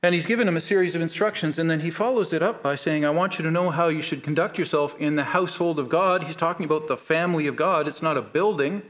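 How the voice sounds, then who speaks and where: A middle-aged man preaching a sermon, earnest and measured, slowing down to stress key points. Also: fairly high pitch, fairly bright tone. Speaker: pastor.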